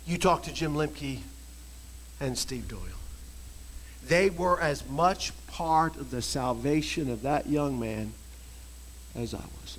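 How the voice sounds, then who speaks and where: A man preaching a sermon, telling a story and swinging from quiet storytelling to shouted exhortation. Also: a little high, slow, pauses often, low-quality recording. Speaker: pastor.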